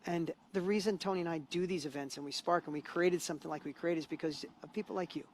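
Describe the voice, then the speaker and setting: Man, live-stream host, motivational, encouraging, quick delivery, faint background hiss. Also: fairly high pitch, fairly even intonation. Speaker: host and course co-creator.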